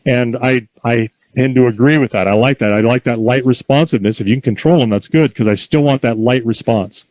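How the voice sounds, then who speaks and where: A man giving calm, encouraging instructions in an outdoor horse corral, mixing in folksy stories. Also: mid-range voice, a little fast, poor audio. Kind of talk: outdoor coaching with anecdotes.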